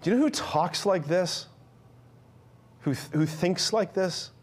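A man's voice: sits high, a little slow. A man giving an earnest, conversational sermon to men, with frequent fillers and restarts.

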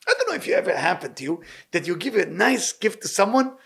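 A man giving an informal Torah lesson, earnest and animated, in broken English. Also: sits high, fast, gravelly, breathy edge. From Libyan Sephardic family. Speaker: rabbi teaching weekly Torah portion.

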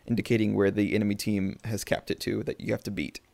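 A man's voice: lowish voice, flat delivery, fast talker, vocal fry, darkish tone. A man co-hosting a casual gaming podcast, chatty and upbeat, explaining game updates. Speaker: podcast co-host.

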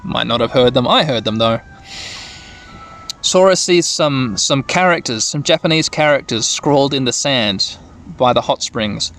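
A man's voice: mid-range voice, unhurried, a bit bright, faint music behind. A man narrating a video game playthrough, reading the dialogue aloud and adding rambling asides. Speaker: let's-play narrator.

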